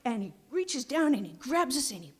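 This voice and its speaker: A woman telling a childhood story on a small theater stage, animated, with dramatic pauses and hushed asides. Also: high voice, husky. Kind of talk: live storytelling performance.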